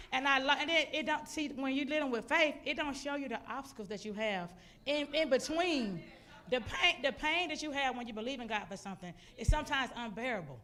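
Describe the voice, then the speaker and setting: A woman preaching a personal testimony from a church stage. Her voice sits a little high, and she tells the story with animated, expressive delivery, acting out her own outbursts. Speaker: guest speaker. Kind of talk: testimony sermon. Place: church sanctuary.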